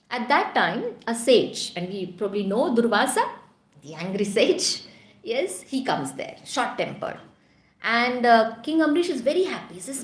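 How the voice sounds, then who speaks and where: Animated storytelling woman. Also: mid-range voice. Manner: animated storyteller, frequent "you know". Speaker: scripture class teacher. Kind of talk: storytelling scripture class. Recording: echoey room.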